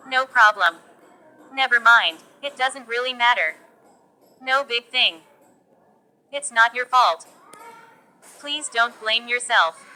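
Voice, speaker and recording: A woman reads short example phrases for English learners, pausing after each one. She speaks very slowly and deliberately. Her voice is a little high and has a bright, crisp edge. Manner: slow, deliberate phrase-by-phrase delivery. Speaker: English teacher.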